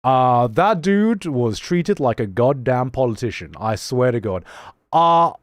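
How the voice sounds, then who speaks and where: A man from Thailand chatting casually on a stream, excitable and swearing freely, sometimes breaking into shouts. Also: mid-range voice, a little slow, dry recording, clean studio sound.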